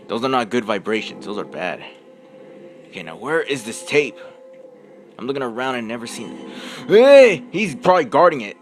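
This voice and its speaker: A young man commentating on a horror game he is playing, yelping at scares and muttering to himself in between. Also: mid-range voice. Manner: jumpy, yelps and screams at scares, mutters to himself. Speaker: gameplay commentator.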